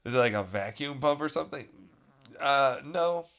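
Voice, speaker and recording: A man's voice: medium pitch, expressive, moderate pace, fairly bright tone. A man talking casually and at length, ranting with plenty of swearing and a sarcastic edge. He rambles from point to point, restarting thoughts as he goes.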